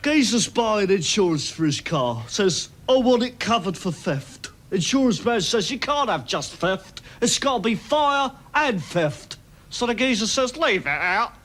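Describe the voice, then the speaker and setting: A man's voice: high voice, big pitch swings, a little slow, a bit bright, exaggerated voice. A man playing a crude cockney punk who tells gags, brash and cackling, in a sketch comedy monologue.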